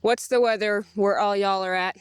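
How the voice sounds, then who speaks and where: A young woman chatting in a relaxed, joking way for a farm vlog. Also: medium pitch, moderate pace, clean tone, dry recording. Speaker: farm vlogger. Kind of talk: casual chat.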